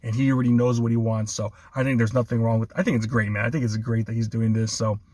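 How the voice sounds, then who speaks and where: A man hosts a loose sports conversation at a middle pitch, chuckling between points and leaning on "man" as he goes. His voice sits in a dry, close space with little room sound. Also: fairly even intonation, fast, a little mellow, no echo. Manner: laughs often, enthusiastic, repeats 'man'. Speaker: sports podcast host. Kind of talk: casual sports chat.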